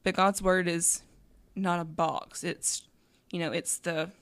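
A woman co-hosting a casual faith discussion, relaxed and rambling with many fillers. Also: lowish voice, slow pace, clear, resonant tone, no room sound. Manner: relaxed, rambling, frequent "you know". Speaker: podcast co-host.

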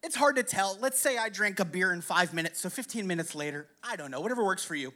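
A man spins a crude, rambling anecdote for a crowd, his pitch swinging up and down with lively energy. He keeps checking in with his listeners and chuckles between lines, loose and profane throughout. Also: fast talker. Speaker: storyteller. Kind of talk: casual profane storytelling to a live audience.

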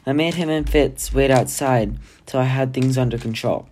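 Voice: medium pitch, moderate pace, a little hiss or hum, close to an everyday voice. A kind, fretful healer, as the reader voices him. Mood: reassuring. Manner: gently reassuring, a bit fretful. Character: kind fussy male healer, wild-haired.

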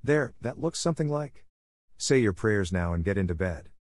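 A man reading the lines of a stern, sharp-tongued older spinster in a brisk, scolding way. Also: on the low side, animated, no room sound, studio quality, lightly acted.

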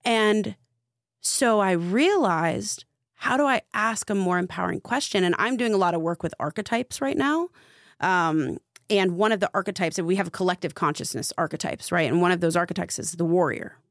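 A woman's voice: lowish voice, moderate pace, no room sound, clean studio sound. A woman guest on a podcast, working as a spiritual coach, telling a personal story in casual conversation, earnest and full of filler "like". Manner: earnest, heavy use of filler "like".

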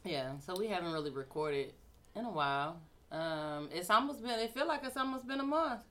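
A woman's voice: lowish voice, animated, brisk, bright, forceful tone. A woman co-hosting a podcast, chatting casually and rambling as she thinks aloud. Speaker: podcast co-host. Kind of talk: casual chat.

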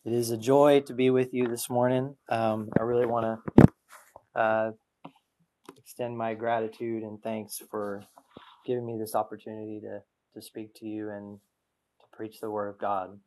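Earnest preacher, informal tone. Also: male voice, on the low side, level tone, moderate pace, darkish tone. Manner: earnest and informal, with light self-deprecating humor. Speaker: guest preacher. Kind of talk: conversational sermon. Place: church service before a congregation. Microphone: adjustable microphone on a stand.

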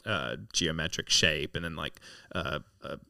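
A man's voice: rumbling low, steady tone, unhurried, vocal fry, pushed and bright, clear, resonant tone, dry recording. A man chatting casually as a podcast co-host, rambling with lots of filler words, dry close-miked sound. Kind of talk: casual chat.

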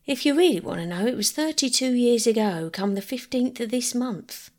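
A woman's voice: fairly high pitch, animated, moderate pace, a little mellow, voice pushed up, close to an everyday voice. A woman voicing a friendly, plain-spoken male railway porter in his thirties, reading from a storybook. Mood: cheerful.

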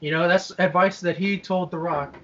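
A man with a notably high voice chatting over a video call, relaxed and slangy, often breaking into laughter. The sound is dull and lo-fi, like a call recording. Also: moderate pace, recorded from a distance. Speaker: wrestling podcast co-host.

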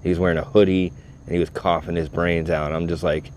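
A man's voice: deep voice, little pitch movement, a little fast, darkish tone, slight background noise. A man casually telling a story to the camera in a profane, joking way, chuckling often.

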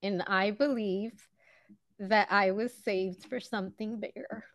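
A woman's voice: mid-range voice, steady tone, unhurried, fairly bright tone, no room sound. Dry-sounding woman interview host. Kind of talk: casual interview conversation.

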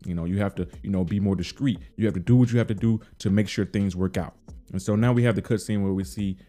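Laid-back man with a low, dark voice. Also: steady tone. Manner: retells scenes acting out lines in quick bits of dialogue; laid-back slangy delivery. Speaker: podcast host recapping a TV episode. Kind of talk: casual solo recap.

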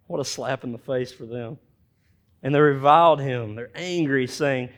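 A man preaching a sermon, reading scripture aloud and acting out the characters' lines with animated expression. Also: mid-range voice, normal speed. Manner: animated, reads scripture with dramatized voices for characters. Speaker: pastor.

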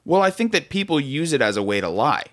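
A man's voice: fairly high pitch, big pitch swings, fast talker. A man co-hosting a podcast in casual chat, blunt and swearing, calling the others "dude". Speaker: podcast co-host.

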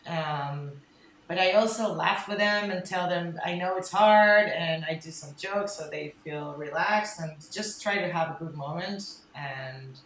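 Roomy-sounding woman, candid and low. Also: measured pace, fairly bright tone, a little hiss or hum. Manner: candid, swears, many restarts and ums. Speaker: wedding photographer guest. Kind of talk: casual podcast chat.

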